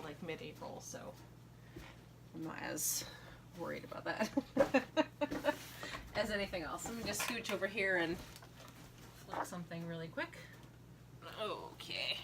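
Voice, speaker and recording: A woman's voice: on the low side, a bit bright, a little hiss or hum. A woman in her thirties, a craft vlogger, chatting casually and giggling as she shows off mail she received. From United States. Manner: chatty, giggly, trails off with ums. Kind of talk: casual chat.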